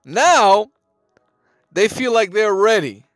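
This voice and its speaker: A man's voice: high voice, lively intonation, slow pace, fairly bright tone, no room sound, faint music behind. A man hosting a boxing news channel, giving casual, emphatic commentary to camera in slangy talk, often repeating his phrases and swearing.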